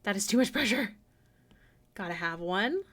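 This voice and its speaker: A young woman talks to her stream from a desk at home as she draws, casual and self-deprecating. Her pitch swings widely, and she breaks into excited exclamations easily. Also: moderate pace. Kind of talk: casual live-stream chat while drawing. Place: home room.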